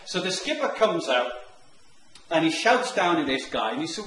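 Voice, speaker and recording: A man telling a long comic anecdote, animated and acting out the characters' lines. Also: normal speed. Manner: animated, acts out the characters' lines in higher voices. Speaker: online marketing presenter. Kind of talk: storytelling anecdote. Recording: echoey room with faint noise.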